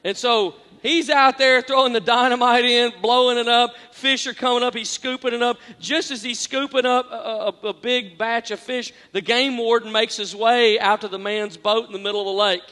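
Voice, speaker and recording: A man preaching a sermon as a pastor, earnest and self-deprecating, repeating phrases for emphasis and swinging between quiet and loud. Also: very high voice, steady tone, moderate pace, hardly any pauses. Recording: long echoing hall reverb.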